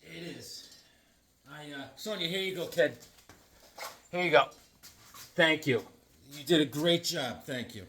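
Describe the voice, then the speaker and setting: Middle-aged guy, kinda high voice, rambly jokey comic vlog chat, says stuff twice. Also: a little slow, pauses often, pushed and bright, a little hiss or hum. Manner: rambling, jokey, repeats himself. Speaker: comic book vlogger. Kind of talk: casual unboxing chat.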